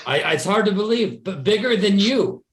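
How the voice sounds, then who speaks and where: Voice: medium pitch, animated, moderate pace, echoey room. A player in a tabletop game, speaking urgently in character. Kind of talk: tabletop role-play.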